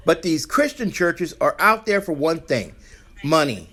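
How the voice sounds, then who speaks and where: A man's voice: on the high side, sing-song, measured pace, a bit bright. A man hosting a podcast, delivering an angry, profane, blunt rant. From Arizona, US. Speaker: podcast host. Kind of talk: ranting monologue.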